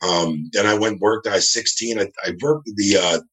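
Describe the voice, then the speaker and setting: A middle-aged man from New Jersey, a guest telling animated, rambling stories in a casual interview. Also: lowish voice, fairly quick, low-quality recording. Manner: rambling, animated, acts out quoted dialogue.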